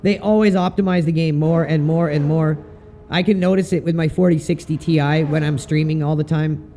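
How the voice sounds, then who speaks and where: A relaxed, chatty man, talking through his sim racing replay for a live stream. His voice sits a bit higher than most men's, with a mellow, warm tone, and he swears casually. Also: moderate pace, a little hiss or hum. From Canada.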